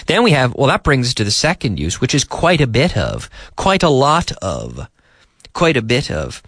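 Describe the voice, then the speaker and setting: A man's voice: medium pitch, wildly swooping pitch, normal speed, a bit bright, slightly rough, no echo. A man teaching English on a radio show from a studio, often repeating and rephrasing for learners. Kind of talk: radio language lesson. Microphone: studio microphone.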